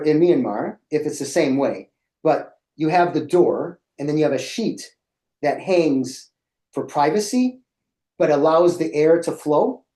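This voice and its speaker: A middle-aged man presenting to educators and telling a personal story in an animated way that acts out his own reactions. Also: fairly high pitch, reverberant.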